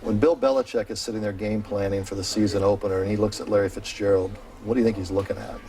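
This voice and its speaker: A man hosting a sports show, talking in an energetic, opinionated and chatty way, then interviewing a guest. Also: lowish voice, fast talker, a little hiss or hum.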